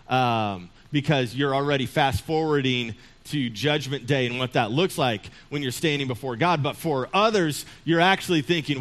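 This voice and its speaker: A man's voice: mid-range voice, moderate pace, a bit bright. A man preaching a sermon in a humorous, conversational storytelling way, often chuckling. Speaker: pastor.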